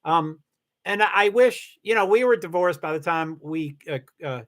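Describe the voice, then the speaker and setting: A middle-aged man hosting a casual livestream, talking in a rambling, halting way with many restarts and fillers, candid and confessional about his life. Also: on the high side, expressive, fairly bright tone. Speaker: livestream host. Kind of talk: casual personal livestream talk.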